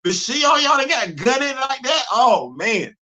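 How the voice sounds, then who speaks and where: A man hosting a live comics talk show, animated and exclaiming, repeating himself as he gets excited. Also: very high-pitched, unhurried. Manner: animated, repetitive, exclaiming, laughing. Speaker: comics podcast host. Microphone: live stream mic.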